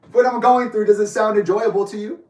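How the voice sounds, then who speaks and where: Young guy venting, sarcastic and sweary, kinda high voice, sounds far off in a roomy space. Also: darkish tone. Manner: bitter, sarcastic, profane ranting. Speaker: vlogger telling his story. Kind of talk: angry personal monologue. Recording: echoey room, voice from a distance.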